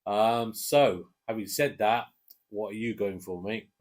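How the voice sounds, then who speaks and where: A man with an English accent casually chatting through football match predictions, relaxed and hesitant with fillers. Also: lowish voice, a little slow. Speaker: co-host giving match predictions. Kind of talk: casual chat.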